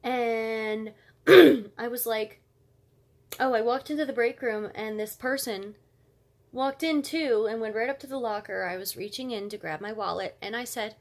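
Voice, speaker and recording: A woman's voice: fairly high pitch, a little slow. A woman vlogger telling a story as a casual rant, fired up and blunt, with cursing.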